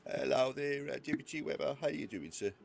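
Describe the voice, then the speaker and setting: A man's voice: medium pitch, lively intonation, a little fast, vocal fry, soft background music. A man playing an eager trainee deputy in an online roleplay, polite and deferential, stammering and calling others sir. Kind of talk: in-character roleplay chat.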